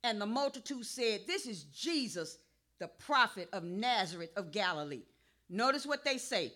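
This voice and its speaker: A woman pastor preaching a sermon, calling for responses and rising to a shout. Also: mid-range voice, very animated, normal speed.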